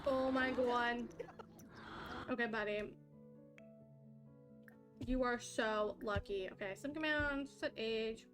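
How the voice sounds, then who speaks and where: High-voiced, excitable woman streamer. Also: takes it slowly, pauses often, over music. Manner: chatty, excitable, talks to chat while playing. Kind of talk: live game stream chat.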